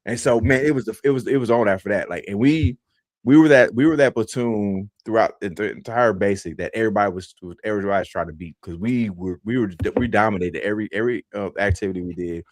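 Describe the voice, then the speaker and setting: This podcast host talks fast as he casually relates a story, often starting over and saying things twice. Quoted lines get acted out with dramatic leaps in his voice, all captured at studio quality with no room sound.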